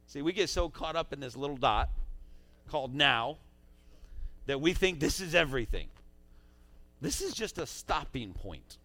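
A man preaching a sermon as pastor, swinging between loud urging and quiet asides in a church sanctuary on a stage mic. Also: a little high, very animated, moderate pace, long pauses, no echo.

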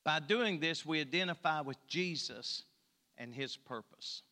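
A man's voice: fairly high pitch, a little slow, pushed and bright, in a large hall. A man preaching a sermon in a church, talking in a folksy, colloquial way. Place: church sanctuary.

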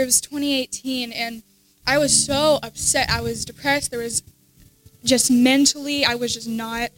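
A teenage girl giving an emotional personal testimony at church, halting and restarting often, soft at times. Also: sits high, low-quality recording. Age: teens.

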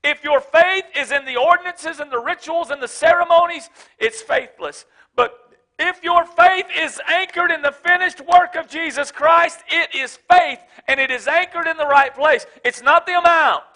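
A pastor delivers a sermon in a strikingly high, bright voice. He builds to shouted, repeated declarations, then drops into quiet, laughing asides with a down-home tone. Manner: preaching with rising shouted emphasis, then folksy asides; casual, joking, speaks of his wife.

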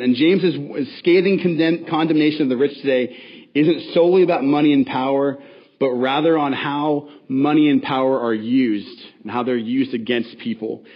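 A man's voice: mid-range voice, muffled recording. A man preaching a sermon as pastor, in a conversational, casual manner with frequent self-corrections and asides.

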